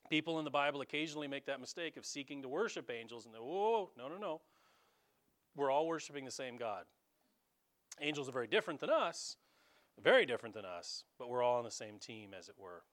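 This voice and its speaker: Lively, animated man preaching a sermon. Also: on the high side, a little fast. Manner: animated, conversational preaching with sudden loud emphasis. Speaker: pastor.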